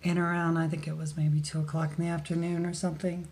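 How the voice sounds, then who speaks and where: A woman telling a personal life story as a radio guest, halting and full of "like" and "you know", dropping to a hushed voice at tender moments. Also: low-pitched, little pitch movement.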